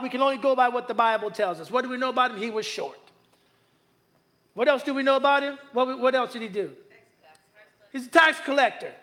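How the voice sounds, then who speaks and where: A man preaching a sermon in a conversational, joking way, stretching key phrases slowly for emphasis. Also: extremely high pitch, pushed and bright. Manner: conversational, joking asides with the congregation. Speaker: pastor.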